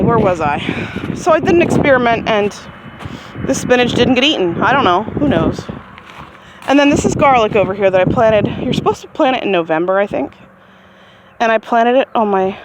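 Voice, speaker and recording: A woman giving a casual, rambling tour of her vegetable garden outdoors, talking to the camera as she walks. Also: noisy background. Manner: chatty and rambling, talks to her chickens in a high sing-song. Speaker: gardening vlogger. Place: outdoors in a backyard garden near chickens. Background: birds and chickens clucking faintly.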